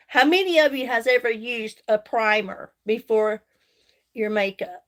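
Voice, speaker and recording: A folksy middle-aged woman with a drawl talks into her phone during a live makeup stream. Her voice sits a little high, and she chats warmly with her viewers, calling them by name between steps. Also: a little slow.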